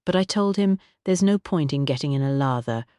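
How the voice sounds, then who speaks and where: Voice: mid-range voice, expressive, fairly quick, a little mellow, clear, resonant tone, dry recording, studio quality, natural voice. A narrator voicing a nervous, chattering grey-haired housekeeper. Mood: fretful. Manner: fretful chatterbox, rambling.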